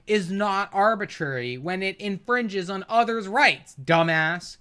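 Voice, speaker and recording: A man's voice: sits high, slow pace, bright, forceful tone, smooth. A man streaming and reacting to a debate clip, arguing back in a profane, exasperated way and laughing at times. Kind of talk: heated livestream commentary.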